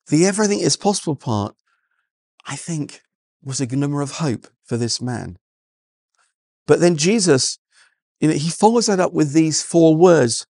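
A man's voice: fairly high pitch, darkish tone, no echo, clean studio sound. A man preaching a sermon in an earnest way, often repeating words and restarting his sentences. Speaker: pastor.

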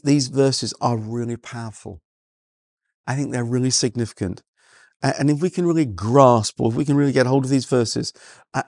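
A man's voice: mid-range voice, vocal fry, a little mellow, no echo, clean studio sound. A man preaching a sermon in an earnest way, often repeating words and restarting his sentences. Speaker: pastor.

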